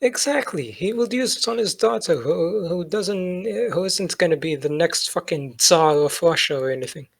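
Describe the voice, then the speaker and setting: Gravelly sarcastic podcast guy. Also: high voice, animated, normal speed, few pauses. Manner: crude, sarcastic, lots of filler. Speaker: podcast co-host. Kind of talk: casual chat.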